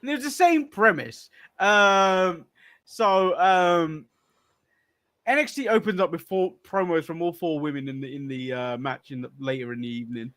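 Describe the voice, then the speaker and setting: High-voiced man joking in casual chat. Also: normal speed, fairly bright tone. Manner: dry jokes, chuckles between lines. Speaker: podcast co-host. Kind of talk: casual wrestling recap chat.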